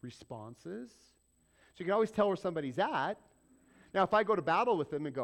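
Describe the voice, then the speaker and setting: A man's voice: a little high, expressive, a little fast. A middle-aged male pastor preaching a sermon in a conversational way, firing off rhetorical questions and acting out little exchanges.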